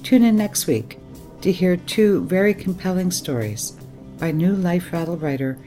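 A woman's voice: lowish voice, expressive, unhurried. A woman radio host announcing the end of the show in a formal manner. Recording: voice over music bed. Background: music.

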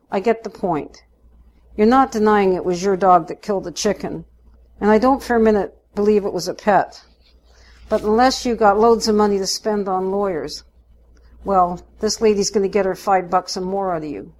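A woman voicing a tall, cheery male policeman who talks in a brisk, easygoing way. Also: mid-range voice, darkish tone, lightly acted. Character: burly cheery male small-town policeman.

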